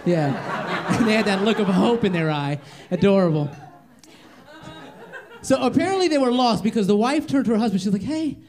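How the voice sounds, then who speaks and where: A man's voice: high voice, lively intonation, normal speed, long pauses, background noise. A young man doing a stand-up comedy set in a club, brashly teasing the audience and acting out characters. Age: young adult. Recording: live club audio with crowd laughter. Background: audience laughing.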